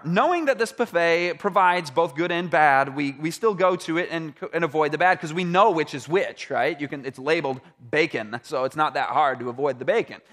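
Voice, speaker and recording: A man's voice: medium pitch, fairly bright tone. A man preaching a Christian seminar to a live audience, conversational, asking them questions and acting out little scenes.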